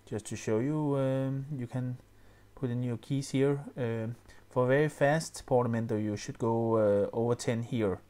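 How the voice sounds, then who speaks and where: A man explaining music software step by step, often pausing with fillers and restarting his sentences. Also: mid-range voice, fairly even intonation. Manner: hesitant, many fillers and restarts. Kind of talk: screen-recorded tutorial.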